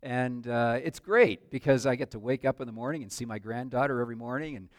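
A man's voice: mid-range voice, fairly quick, no room sound. Earnest older male preacher, dry sound. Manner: earnest, with sudden swells and drops in loudness. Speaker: pastor. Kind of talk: sermon.

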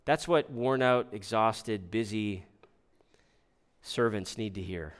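A pastor delivers a sermon in a conversational style, putting rhetorical questions to the congregation and frequently restarting his sentences. His voice is fairly low, slow, and clear, with a resonant tone.

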